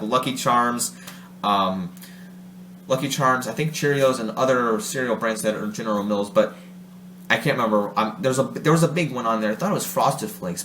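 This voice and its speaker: A man's voice: mid-range voice, fairly bright tone. A man from Ohio chatting casually to his vlog audience, rambling, correcting himself and laughing often. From Ohio, USA. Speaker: vlogger. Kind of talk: casual monologue. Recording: roomy room with faint hum.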